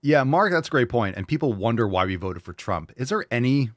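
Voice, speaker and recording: A man's voice: mid-range voice, very animated, a little fast, dry recording, studio quality. A man hosting a casual reaction show, talking bluntly and sarcastically with plenty of swearing. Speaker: show host.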